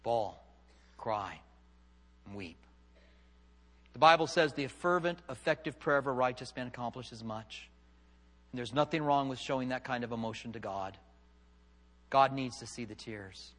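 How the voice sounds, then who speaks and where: A man preaching a sermon, swinging from loud, fervent passages to hushed, quiet ones. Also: mid-range voice, normal speed, in a large hall. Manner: dramatic, swings from loud fervor to hushed tones. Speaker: pastor.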